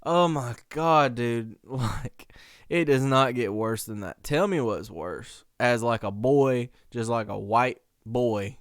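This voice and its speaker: A man's voice: medium pitch, takes it slowly, dry recording, clean studio sound. Slangy young man telling a story. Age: young adult. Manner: animated, slangy, laughs often. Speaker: podcast host. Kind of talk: casual storytelling.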